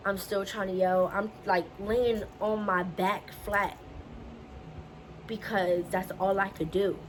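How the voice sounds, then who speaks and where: A woman's voice: mid-range voice, flat delivery, takes it slowly, slight background noise, low-quality recording. Woman vlogger telling a personal story. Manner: emotional, repetitive retelling.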